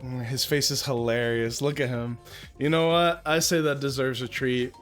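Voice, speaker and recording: Close to his desk mic at home, a young man streams, chatting casually, swearing now and then, and cooing at his cat. His mid-range voice is steady, fairly bright, and moderately paced, with soft background music.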